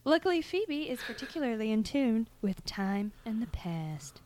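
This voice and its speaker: A woman's voice: a little high, sing-song, unhurried, darkish tone. A young woman co-hosting a podcast, chatting casually, giggling and rambling with many restarts. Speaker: podcast co-host. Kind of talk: casual chat.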